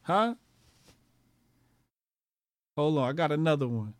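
A man's voice: fairly high pitch, big pitch swings, slow pace, dry recording, studio quality. Foul-mouthed man ranting on his show. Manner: crude, swears constantly, mocking; emphatic, repeats lines for effect. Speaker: commentary show host. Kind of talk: profane ranting commentary.

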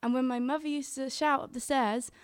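Young woman telling a story, slightly high voice. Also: fairly even intonation, brisk, clear, resonant tone, dry recording, studio quality. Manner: chatty, quotes her own thoughts. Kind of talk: live storytelling on stage.

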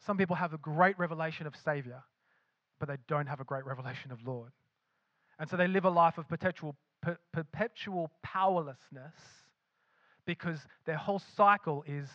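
Pastor preaching with emphatic restarts. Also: male voice, on the high side, normal speed, dry recording, lo-fi sound. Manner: acts out imagined voices of believers. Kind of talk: sermon.

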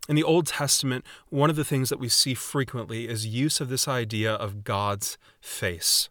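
A man preaching a sermon in a measured, earnest way, with readings from scripture. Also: medium pitch, a bit bright, no room sound, clean studio sound. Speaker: pastor.

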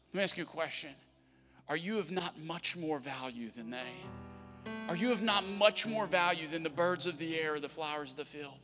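A man's voice: on the high side, moderate pace, pushed and bright, in a large hall, faint music behind. A young adult man preaching a sermon as pastor, conversational and emphatic, often voicing prayers aloud. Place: church hall.

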